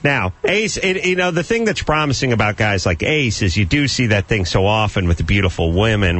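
A man's voice: mid-range voice, very animated, moderate pace, few pauses, fairly bright tone. A middle-aged man hosting a comedic radio talk show, wisecracking and slipping into silly voices.

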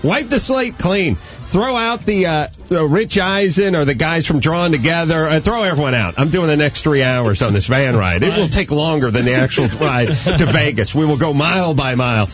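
A man hosting a talk radio show, telling a long comic story in a rambling, animated way. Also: on the high side, moderate pace, soft background music. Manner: animated, rambling, acts out quotes.

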